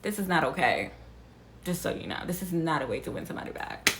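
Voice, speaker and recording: A young woman hosting a reaction video, chatting casually, blunt and expressive, swearing freely. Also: deep voice, fast, background noise.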